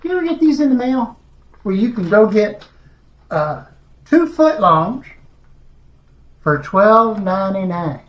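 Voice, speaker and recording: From his kitchen, a home cooking show host walks viewers through a recipe in a folksy, chatty casual demonstration. His high-pitched, fairly bright voice swings widely and moves unhurriedly with long pauses, and the room is echoey.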